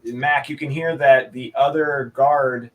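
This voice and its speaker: A man running a tabletop game as game master, calmly describing scenes to the players. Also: mid-range voice, slow pace, phone-quality sound.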